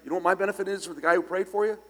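An older man preaching a storytelling sermon, speaking conversationally with sudden loud, emphatic bursts. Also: high voice, steady tone, rapid-fire. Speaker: pastor. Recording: long church hall reverb.

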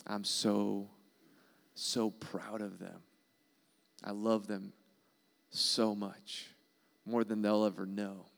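A man's voice: fairly low pitch, level tone, takes it slowly, gravelly. A man preaching a sermon in an earnest, emphatic way, repeating key phrases. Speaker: pastor.

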